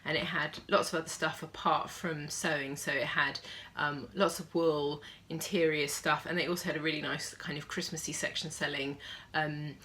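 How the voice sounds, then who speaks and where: A woman's voice: low-pitched, flat delivery, normal speed, few pauses, bright, forceful tone, a little hiss or hum. A young woman chatting casually to camera as a sewing vlogger, with plenty of fillers.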